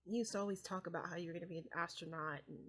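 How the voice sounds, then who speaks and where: A woman voicing a sheepish middle-aged father in a life-sim game, talking haltingly and stammering through a confession. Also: on the low side, fairly even intonation, a bit bright. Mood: earnest. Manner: hesitant, stammering.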